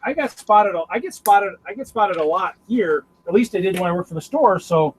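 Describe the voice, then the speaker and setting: A man's voice: high voice, animated, brisk, slight background noise. A man in casual chat, talking loosely with many fillers.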